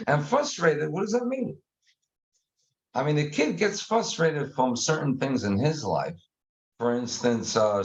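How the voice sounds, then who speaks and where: A man guest explaining a communication method in casual conversation, animated and acting out examples. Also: medium pitch, dull audio. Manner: animated, acts out examples with faces and sounds.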